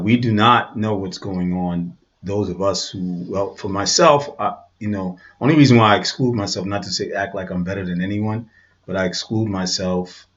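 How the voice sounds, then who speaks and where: A man hosting a show, giving rambling, conversational commentary with many restarts. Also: low voice. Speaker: show host. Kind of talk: casual commentary over a played video. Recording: dull lo-fi sound.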